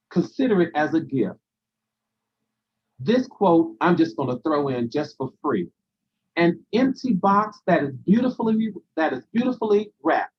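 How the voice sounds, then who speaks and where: Husky high-voiced man giving a preacherly talk. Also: muffled recording. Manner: preacherly, repeats phrases for emphasis; reads and answers viewer comments. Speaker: host of a live stream. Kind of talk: motivational live-stream talk.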